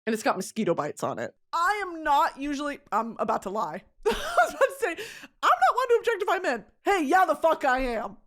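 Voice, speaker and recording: Animated, laughing young woman podcast host. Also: high-pitched, a little fast, hardly any pauses. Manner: animated, swearing, laughing often, jumping between voices. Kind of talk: casual comedic storytelling.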